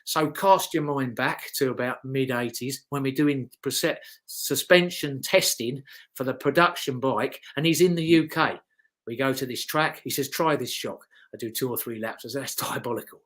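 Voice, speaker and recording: A man's voice: medium pitch, normal speed, fairly bright tone. A British man in his fifties, a former motocross rider, telling casual anecdotes in an interview with lots of fillers and the odd swear word. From United Kingdom. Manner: rambling storyteller, frequent fillers and swearing.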